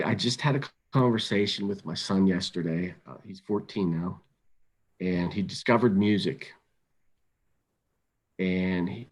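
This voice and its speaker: A middle-aged man presenting an instructional webinar, calm and measured, often repeating words as he thinks aloud. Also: sits low, breathy edge. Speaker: webinar presenter on crisis intervention.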